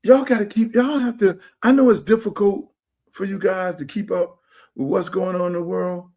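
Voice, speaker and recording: High-voiced man ranting on his stream. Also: normal speed. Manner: animated, blunt and profane, with street slang. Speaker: show host. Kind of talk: casual livestream rant to viewers. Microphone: streaming setup mic.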